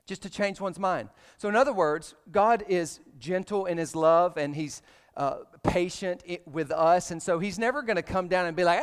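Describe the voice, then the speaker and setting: High-voiced Southern man preaching in a hall. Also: normal speed, smooth. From Alabama. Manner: casual, joking, animated preaching. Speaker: pastor. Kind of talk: sermon. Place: church sanctuary. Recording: reverberant church hall.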